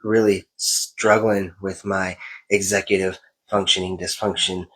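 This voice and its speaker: A man's voice: sits low, level tone, a little slow, fairly bright tone, husky, rough recording. A man in his thirties co-hosting a podcast, talking in a rambling, candid, self-reflective way. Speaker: podcast co-host. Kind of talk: casual podcast chat.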